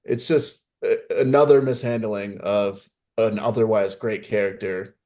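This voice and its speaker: A man co-hosts a podcast in easygoing, casual chat. His voice sits slightly low as he gives firm opinions and explains lore from the books, with frequent ums and "you know"s along the way. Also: steady tone, measured pace, a little mellow. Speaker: podcast co-host.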